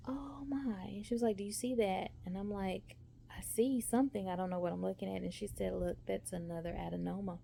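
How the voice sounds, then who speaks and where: A woman vlogger gives a casual talking-head update, telling a story directly to her viewers. Her mid-range voice is creaky and warm, and she chats away, often saying "y'all" and "okay." There's slight background noise.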